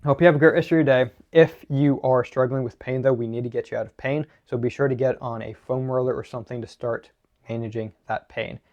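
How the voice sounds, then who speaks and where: A man's voice: mid-range voice, steady tone, fairly quick, a little mellow, highs cut off. A man from the southern United States coaching runners in an instructional talk to camera, blunt and emphatic, asking questions and answering them himself. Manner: blunt and emphatic, with strong opinions. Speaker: running mobility coach.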